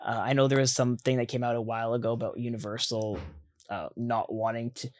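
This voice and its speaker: A man's voice: mid-range voice, flat delivery, fast, darkish tone, dry recording, studio quality. A man hosting an interview, asking long, rambling questions with frequent restarts. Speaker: interview host. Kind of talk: casual interview conversation.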